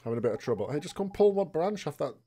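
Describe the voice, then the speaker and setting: A man's voice: on the high side, very animated, racing, warm tone. A man hosting a let's play, commenting on a video game with frequent laughs, swearing and joking asides. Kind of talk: gameplay commentary.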